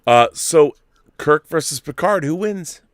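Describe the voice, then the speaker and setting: A middle-aged man hosting a late-night live-stream chat, ranting and swearing with loud bursts. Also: fairly high pitch, expressive, measured pace, no echo, studio quality. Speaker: host.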